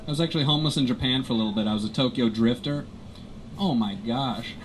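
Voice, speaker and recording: A male stand-up comedian doing self-mocking, deadpan bits for commuters on an airport tram. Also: medium pitch, fast talker, a little hiss or hum, low-quality recording. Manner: self-mocking, wraps up the show again and again.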